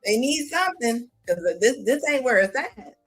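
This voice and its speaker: A woman's voice: high-pitched, lively intonation, moderate pace, slightly rough, faint music behind. Blunt, mocking woman streamer. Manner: blunt, mocking, laughs often. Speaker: commentary streamer. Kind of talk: casual reaction commentary.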